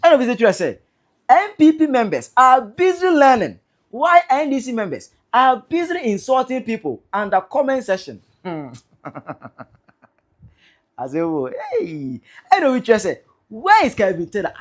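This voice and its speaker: Ghanaian woman, online commentator, excitable and mocking, very expressive delivery. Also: sits high, moderate pace. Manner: excitable, teasing, reads out viewer comments. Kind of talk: animated commentary vlog.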